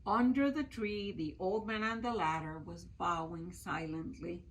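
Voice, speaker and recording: Slow, expressive woman storyteller. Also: on the low side, rough recording. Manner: expressive, slow, asks listeners questions. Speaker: library storyteller. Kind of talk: reading a picture book aloud to children.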